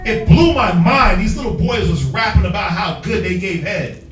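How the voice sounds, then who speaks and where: High-voiced guy preaching bible stuff, slangy and fired up, echoey room, mic far off, faint music. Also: animated, normal speed. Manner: emphatic, slangy, prods reader with call-and-response. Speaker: Bible study teacher. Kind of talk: street-style scripture teaching.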